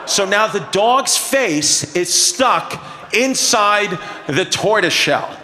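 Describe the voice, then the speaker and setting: A man performing live stand-up storytelling on a concert hall stage, animated and escalating, acting out the people in his story. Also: sits high, takes it slowly. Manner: animated, escalating, acts out voices. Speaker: stand-up comedian.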